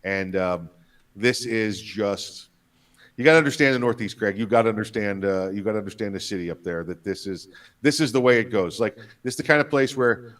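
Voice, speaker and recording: A man's voice: lowish voice, a little fast, a bit bright, far from the mic. Rambling sarcastic male co-host, off-mic. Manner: rambling, sarcastic, acts out quoted bureaucrats. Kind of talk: casual political commentary.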